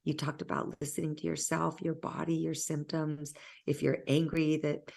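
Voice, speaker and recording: A woman hosting an interview, talking reflectively in a halting, soft-spoken way with many pauses. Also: sits low, level tone, gravelly. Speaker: interview host.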